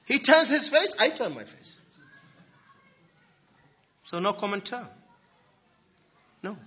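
Lively husky-voiced male preacher. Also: high voice, slow. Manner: animated, swings from loud emphasis to soft asides. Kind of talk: sermon.

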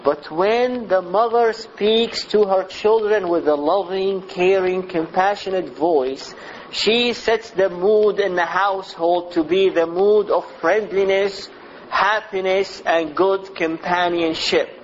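Slow, high-voiced male preacher. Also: dull audio, slight background noise. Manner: deliberate, repetitive lists. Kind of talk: sermon.

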